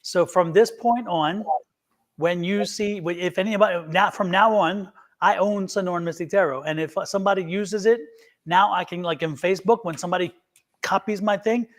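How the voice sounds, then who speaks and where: A man's voice: high-pitched, normal speed. A man who reads tarot, chatting casually on a live stream and telling a rambling story, acting out each voice in the conversation. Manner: animated storyteller who acts out both sides of conversations. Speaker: tarot reader and show guest.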